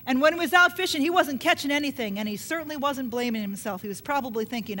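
A woman's voice: sits high, animated, fast talker, hardly any pauses, a bit bright, a little hiss or hum. A woman preaching a sermon, emphatic and repetitive, often putting questions to her listeners.

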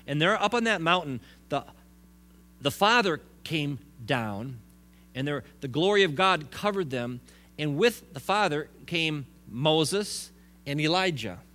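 A man's voice: a little high, lively intonation, unhurried, bright, forceful tone. A man preaching a sermon in a conversational way, with restarts and joking asides. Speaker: pastor.

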